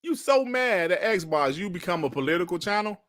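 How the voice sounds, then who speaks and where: Male gaming podcast host, blunt and slangy, slightly high voice with lively swings in pitch. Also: normal speed. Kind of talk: casual gaming podcast rant.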